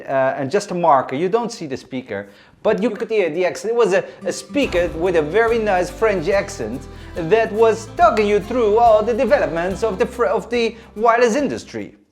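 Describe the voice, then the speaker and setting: A man's voice: sits high, lively intonation, normal speed, faint music behind. A man co-hosting a podcast, talking with enthusiasm and plenty of restarts. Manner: enthusiastic, with many fillers and restarts. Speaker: co-host.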